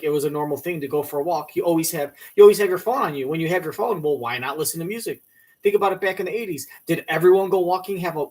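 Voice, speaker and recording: A man talks in a sarcastic, rambling way, mocking new trends. His voice sits a little high and he sounds set back from the microphone. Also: far from the mic. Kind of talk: casual chat.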